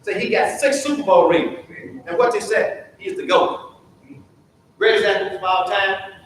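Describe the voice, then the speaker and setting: A high-voiced man leads a Sunday school lesson in a preacherly call-and-response style, firing questions at his class. He is recorded from a distance in a church room that rings with heavy echo. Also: normal speed, a little hiss or hum. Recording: very echoey church room from far off.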